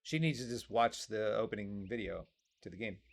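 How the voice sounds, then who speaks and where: A man's voice: lowish voice, normal speed, vocal fry. Wry man commenting on a game. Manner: wry, joking asides. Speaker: let's play host. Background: faint game music.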